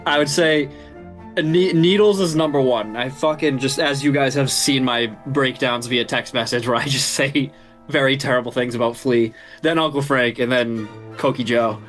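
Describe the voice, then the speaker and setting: A man's voice: medium pitch, fairly even intonation, normal speed, a bit bright, faint music behind. Give me a man co-hosting a movie podcast who rants and curses with a laugh. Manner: swears a lot, rants with laughter. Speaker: podcast co-host. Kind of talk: casual film review chat.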